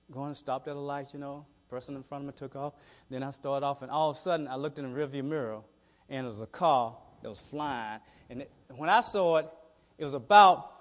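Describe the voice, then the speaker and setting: A middle-aged man preaching a conversational sermon, telling stories in a folksy way and often repeating his words. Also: mid-range voice. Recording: reverberant hall.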